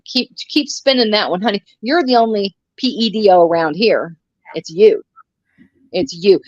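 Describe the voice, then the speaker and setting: A woman's voice: mid-range voice, no echo, highs cut off. Blunt, profane woman in her sixties. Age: 60s. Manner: blunt and profane, ranting with sarcasm. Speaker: co-host of a live commentary stream. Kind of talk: casual live-stream chat.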